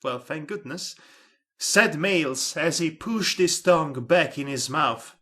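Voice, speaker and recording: A man gives a comedic dramatic reading of a comic story, interrupting himself with sarcastic asides and laughter between lines. His fairly high voice is bright and forceful, and he takes his time.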